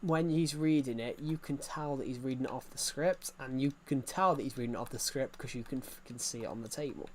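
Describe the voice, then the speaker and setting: Give me a chatty young English man streaming a game, mid-pitched, with a faint hiss behind the voice. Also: a little fast, hardly any pauses. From England. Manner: rambling, chatty, many restarts and fillers. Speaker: gaming streamer. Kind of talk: casual live-stream chat.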